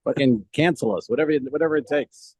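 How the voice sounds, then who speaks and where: A man's voice: fairly high pitch, brisk, darkish tone, slightly rough, no room sound, rough recording. A man co-hosting a comedy podcast in casual chat, rambling through stories, swearing and laughing as he goes, talking over a remote call. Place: remote call from a cruise ship.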